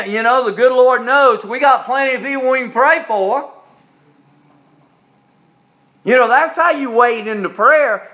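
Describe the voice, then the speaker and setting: Man, minister, middle-aged, high voice, casual folksy sermon. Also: pushed and bright, lo-fi sound. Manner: homespun, conversational preaching with repeated phrases.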